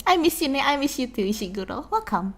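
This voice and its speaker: A woman's voice: sits high, big pitch swings, fast talker, fairly bright tone. Giggly Indonesian-accented woman streamer. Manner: chatty and giggly, rambling with many restarts. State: sore throat, phlegmy. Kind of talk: casual chat reading out viewer messages. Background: faint background music.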